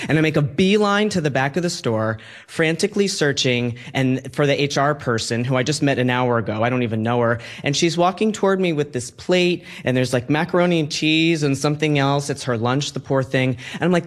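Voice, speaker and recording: A man telling a personal story in a conversational, halting way, acting out the quoted lines as he goes. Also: medium pitch.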